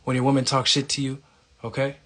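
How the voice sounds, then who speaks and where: Man, mid-pitched, talks like a street preacher, blunt and profane, keeps checking in with "okay?". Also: monotone, a little fast, pushed and bright. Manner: emphatic, profane, repeats "okay?" for emphasis. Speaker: self-styled spiritual speaker. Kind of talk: casual preachy monologue.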